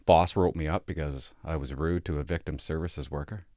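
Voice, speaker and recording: A man's voice: extremely low pitch, fairly even intonation, moderate pace, darkish tone, dry recording, studio quality. A man, a police officer telling work stories in a blunt, sarcastic, profane casual vlog from a sparse home office.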